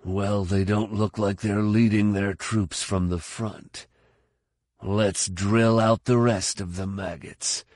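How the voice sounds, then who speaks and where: A man doing a weary, older bounty hunter with a low, dry, gruff voice. He speaks slowly and flatly in a storybook reading, sounding worn out and unimpressed. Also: no room sound.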